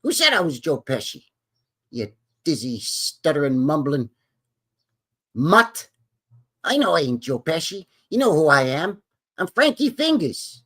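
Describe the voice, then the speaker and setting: A man putting on a hot-tempered mobster, tough-talking and quick to throw insults. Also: fairly high pitch, big pitch swings, a bit bright, breathy edge, pitched above the performer's own voice, full character voice. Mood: indignant.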